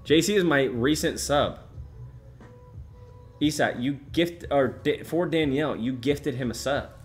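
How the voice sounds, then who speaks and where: A young man in his twenties streams live, casually reading viewer comments aloud and cursing now and then. His medium-pitched voice moves at a measured pace, animated as he calls out chat names and places, with soft music in the background.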